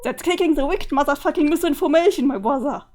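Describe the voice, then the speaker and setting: A woman reading aloud and voicing a menacing, calm male clown-troll with a slow, sinister drawl. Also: high-pitched, lightly acted. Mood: creepy.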